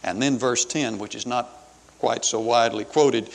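A man preaching a sermon in an earnest, measured way, with pauses between phrases. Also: mid-range voice, fairly even intonation, creaky, a little hiss or hum. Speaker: pastor. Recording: long hall reverb.

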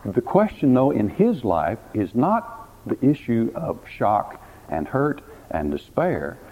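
A man's voice: medium pitch, big pitch swings, takes it slowly. A man, a pastor, preaching a sermon, telling a story dramatically and putting questions to the listeners, often repeating words. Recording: tinny phone-like recording, faint hiss.

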